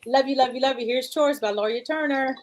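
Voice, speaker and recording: Chatty woman show host, slightly high. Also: brisk. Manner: chatty, addresses listeners as y'all. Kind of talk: casual show hosting.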